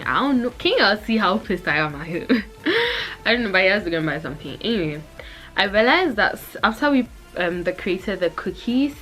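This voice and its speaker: A woman's voice: mid-range voice, fairly bright tone. A young woman chatting to her camera at home in a casual vlog, giggly and self-mocking. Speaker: vlogger. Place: at home indoors.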